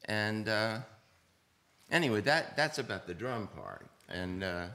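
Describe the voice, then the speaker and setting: Older male drummer, panel guest; low, chatty, animated, mouths beats and hisses out percussion. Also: measured pace, creaky. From United States. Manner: animated, sings rhythms aloud, hisses percussion sounds. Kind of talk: anecdotal storytelling on a panel. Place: stage panel before an audience.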